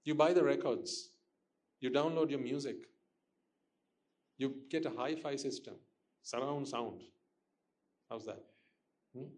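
A man's voice: medium pitch, slow, pauses often, a little mellow. A man giving a Buddhist dharma talk to listeners, questioning them and repeating his points for emphasis. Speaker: Buddhist teacher.

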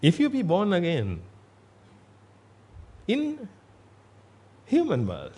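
A man's voice: high voice, wildly swooping pitch, slow, a little mellow, slightly rough. A man giving a Buddhist sermon in a blunt, emphatic way, repeating himself for stress. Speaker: Buddhist monk.

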